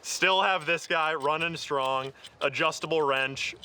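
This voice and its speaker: A man's voice: a little high, measured pace, pushed and bright, slight background noise. A man hosting an off-road show, walking through his tool kit in a casual, upbeat way, laughing often and using lots of fillers. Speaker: host of an off-road vehicle show.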